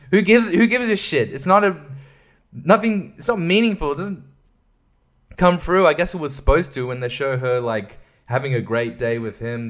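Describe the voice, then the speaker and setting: A podcast host with a fairly high, fairly bright voice rants casually and profanely about a film. He rambles, sounds exasperated, stumbles over his words, and laughs between thoughts.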